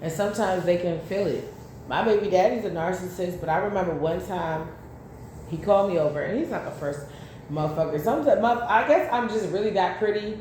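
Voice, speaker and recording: A woman's voice: lowish voice, fairly quick, darkish tone. A woman giving a casual tarot reading, blunt and profane, drifting into chatty personal stories. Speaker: tarot reader. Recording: very echoey room, faint background noise.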